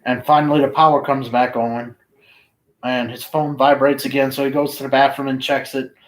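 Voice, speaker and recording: A man casually reading his own fiction aloud, unhurried and flat, now and then pausing to find his place. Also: mid-range voice, low-quality recording.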